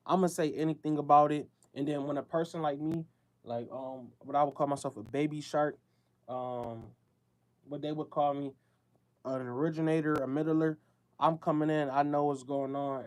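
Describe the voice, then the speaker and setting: This American show host speaks in a casual monologue aimed right at his listeners, with loose, slangy talk that keeps circling back on itself. His voice is medium in pitch and darkish in tone, with fairly even intonation at a normal speed.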